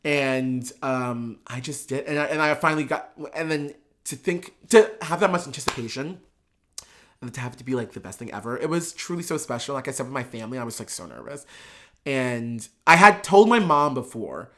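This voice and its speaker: A man guest on a chat show, telling a casual story in an excitable, gushing way with many fillers. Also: medium pitch, a little fast. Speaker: podcast guest, drag performer.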